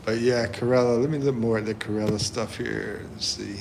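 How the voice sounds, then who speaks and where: A man hosting a livestream, reading chat comments aloud and chuckling often in a relaxed way. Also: lowish voice, brisk, gravelly, slight background noise. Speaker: livestream host.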